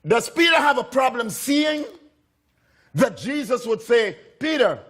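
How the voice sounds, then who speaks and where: A man's voice: very high voice, animated, a little slow, a bit bright. A man preaching a sermon, telling a story with repeated phrases and acting out the voices of the people in it. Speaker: pastor.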